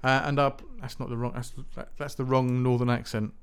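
A man's voice: mid-range voice, level tone, fairly quick, clear, resonant tone. Rambling man hosting a podcast. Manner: rambling, chatty, self-mocking with frequent restarts. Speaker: music podcast host. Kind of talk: casual solo podcast chat.

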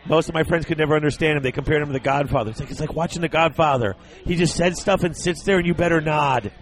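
Chatty podcast host, slightly high voice. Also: male voice. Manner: easygoing, chatty, quick asides. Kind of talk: casual chat.

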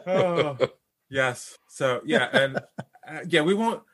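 A man's voice: a little high, expressive, takes it slowly, a bit bright. A man co-hosting a podcast in casual chat, gushing with eager enthusiasm. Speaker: podcast co-host.

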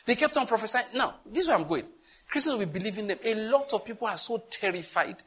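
A man with a Nigerian accent preaching a sermon as pastor, animated and telling stories with asides. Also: sits high, quick pace, husky.

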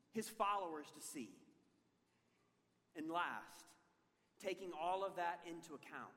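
A man preaching a sermon as pastor, telling an animated, self-deprecating story with humor. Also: on the high side. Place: large church hall. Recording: long hall reverb.

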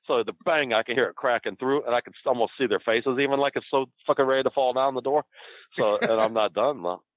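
A man's voice: medium pitch, quick pace, no room sound, dull audio. A man, a former wrestler, telling a story in casual talk, laughing often and swearing freely. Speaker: former pro wrestler, guest.

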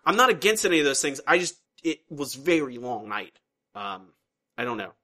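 A man's voice: medium pitch, big pitch swings, normal speed, bright, forceful tone. A man co-hosting a podcast, rambling through a casual recap and often restarting his sentences. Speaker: podcast co-host. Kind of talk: casual chat.

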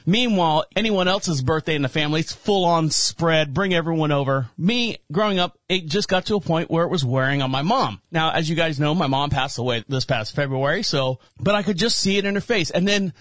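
A man's voice: a little high, moderate pace, fairly bright tone, dry recording, studio quality. A man in his forties, a radio host telling a personal story in a chatty, rambling way and laughing now and then. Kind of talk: casual monologue.

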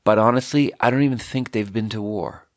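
A man's voice: on the low side, brisk, no echo. Rambling man from Sweden, dry close mic. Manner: casual, meandering, lots of "like". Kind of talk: rambling solo monologue.

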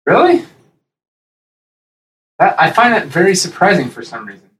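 A man co-hosting a casual podcast chat, rambling and animated, breaking into high-pitched impressions. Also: fast talker, echoey room, far from the mic, poor audio. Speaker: podcast co-host.

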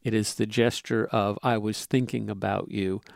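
Gravelly guy co-hosting a love podcast, musing, dry studio sound. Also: fairly low pitch, level tone, normal speed, no room sound. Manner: musing, self-correcting, chuckles often. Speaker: podcast co-host. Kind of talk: relationship advice chat.

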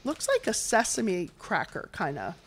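A woman's voice: medium pitch, wildly swooping pitch, a little slow, a little hiss or hum. A woman hosting a casual chat while taste-testing snacks, enthusiastic and reading product labels aloud. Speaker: host.

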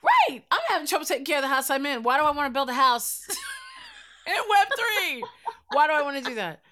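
Animated woman host chatting. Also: high voice, fairly quick, slight background noise. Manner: animated, laughing often. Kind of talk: casual chat.

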